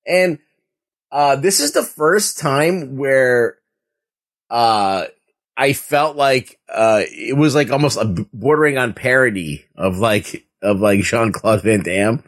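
A man co-hosting a casual movie review podcast, talking in an animated way with lots of fillers and laughter. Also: medium pitch, slow. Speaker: podcast co-host.

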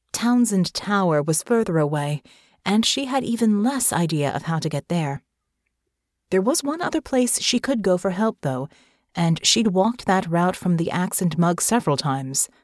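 Steady woman audiobook narrator. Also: on the low side, dry recording, clean studio sound. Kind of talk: scripted narration.

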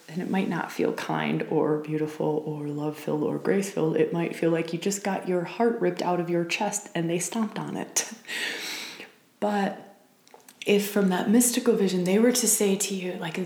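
A woman's voice: fairly low pitch, fairly even intonation, normal speed, gravelly, dark tone, echoey room. A woman hosting a spiritual podcast, talking casually and with passion, swearing now and then and voicing prayers aloud.

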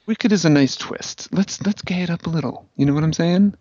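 A man's voice: on the high side, a little fast, darkish tone, husky, no room sound. Sardonic man ranting on a podcast. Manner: sardonic storyteller, lots of fillers. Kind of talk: casual chat. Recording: dry, slightly dull podcast audio.

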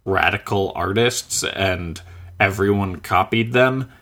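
A man's voice: low-pitched, slow pace, a bit bright. A man in his thirties chatting casually, rambling and searching for words with lots of filler. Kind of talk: casual chat.

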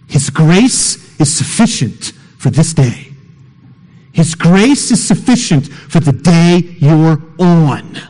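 A middle-aged male pastor preaching a sermon, emphatic and repetitive, swinging between quick bursts and slow, soft stresses. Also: a little high, expressive. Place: church sanctuary. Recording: reverberant hall.

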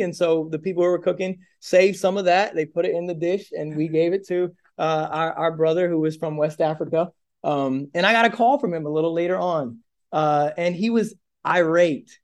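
A man's voice: fairly high pitch, a little mellow. A young man preaching a sermon in a conversational way, with many fillers and repeated rhetorical questions. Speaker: pastor.

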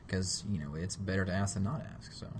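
A young man who is a student intern, answering interview questions on a podcast. His voice is very low and deep. He speaks in a modest, halting way and pokes fun at himself. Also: a little hiss or hum. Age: young adult.

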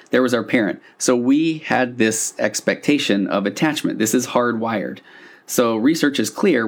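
A man hosting a podcast as a couples therapist, reading quotes aloud and explaining them in a reflective, conversational way with frequent asides. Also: on the low side. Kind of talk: casual solo podcast talk.

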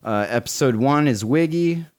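A man in his forties co-hosting a podcast, chatting casually, excited and swearing a lot. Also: mid-range voice, moderate pace. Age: 40s. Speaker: podcast co-host.

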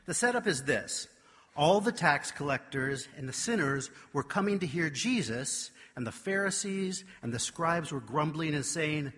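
A man delivers a storytelling sermon in a slightly husky, bright voice pitched a little high. He carries the tale with animated, self-mocking energy. His words ring with a long echo through a large church hall. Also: normal speed. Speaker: preacher.

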